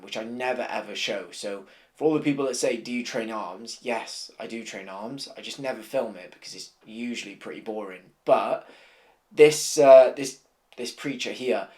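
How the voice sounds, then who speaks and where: A man, talking casually as a vlogger and bodybuilder, relaxed and rambling, swearing offhand. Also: on the low side, no room sound. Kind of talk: casual vlog chat. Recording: loud car and street noise behind.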